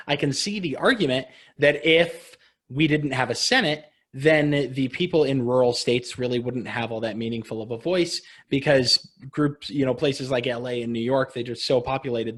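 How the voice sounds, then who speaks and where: A young man co-hosting a political podcast, talking casually with easy laughs and frequent restarts. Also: mid-range voice. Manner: conversational, laughs easily, frequent restarts and fillers. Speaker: podcast co-host.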